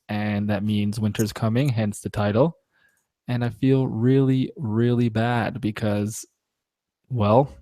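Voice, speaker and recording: A man's voice: medium pitch, mellow, dry recording. A man hosting a casual live-stream chat, joking around, laughing often and reading out viewer comments.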